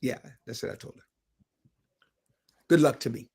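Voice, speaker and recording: Gravelly-voiced male talk radio host. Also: mid-range voice, moderate pace, a little mellow. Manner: chatty and opinionated, thinking aloud. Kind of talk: casual talk radio chat. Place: radio studio.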